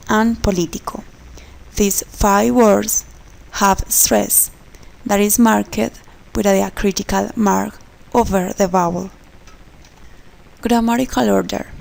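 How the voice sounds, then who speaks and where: Gravelly-voiced woman reading a class presentation. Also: mid-range voice, a little mellow, low-quality recording. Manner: slow, careful reading with non-native grammar. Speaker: student presenter.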